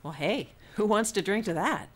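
Woman acting curious pushy researcher, inquisitive, mid pitch. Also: lively intonation, moderate pace, husky. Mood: eager.

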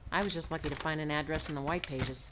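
A woman's voice: sits low, fairly even intonation, fast, noisy background, close to an everyday voice. A woman voicing an eager, inquisitive researcher who keeps pressing for answers.

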